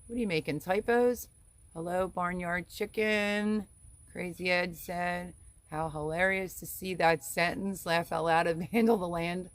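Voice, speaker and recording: A woman's voice: on the low side, no room sound. A middle-aged woman hosting a homestead live stream, reading viewer comments aloud in a chatty, rambling way and laughing often. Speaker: homestead channel host.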